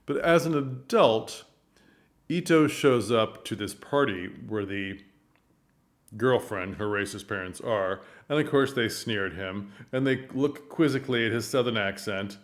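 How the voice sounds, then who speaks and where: A man giving earnest, animated commentary on a stage production, telling the story with frequent restarts. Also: on the low side, unhurried. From United States. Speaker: theater commentator. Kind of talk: casual commentary.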